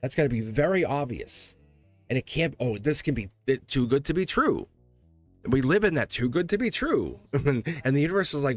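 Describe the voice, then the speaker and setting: A man doing a live tarot reading, talking in an excitable, rambling way and laughing often between thoughts. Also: medium pitch, normal speed, soft background music. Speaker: tarot reader.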